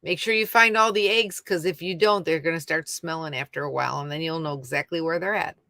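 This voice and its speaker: A woman's voice: deep voice, fast talker, sharp tone, no echo. Chatty woman livestreaming from home. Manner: chatty, rambling, reads out viewer names. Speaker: YouTube livestream host. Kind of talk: casual live chat with viewers.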